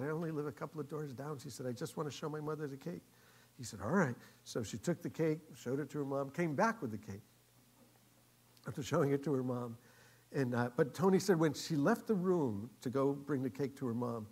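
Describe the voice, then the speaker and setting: A male pastor telling a story in a sermon, acting out the quoted voices, getting loud for the lively parts and dropping soft for the tender ones. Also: mid-range voice, slightly rough.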